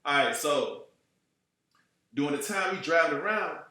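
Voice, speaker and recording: A man from Chicago tells a rambling road-trip story in a relaxed, animated street style, dropping curses and slang and checking in with his listener again and again. His voice sits a touch above the usual for a man. The recording is drenched in the echo of a bare, reflective room. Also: a little high, moderate pace. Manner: animated, profane, streetwise slang, keeps asking "you know what I'm saying". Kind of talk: casual storytelling. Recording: very echoey room.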